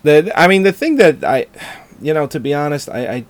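A man's voice: on the high side, big pitch swings, a little fast, no room sound. Opinionated man in a dry, close recording. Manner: opinionated, swears casually, trails off hedging. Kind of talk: casual chat.

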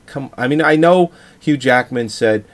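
A man talking casually about movies, relaxed and enthusiastic, swearing freely. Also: medium pitch, moderate pace.

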